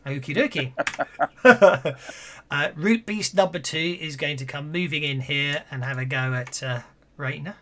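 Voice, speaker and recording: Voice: medium pitch, a little slow, bright, forceful tone, slight background noise. Chuckling game master. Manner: chuckling, hesitant, many restarts. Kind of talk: running a tabletop game online.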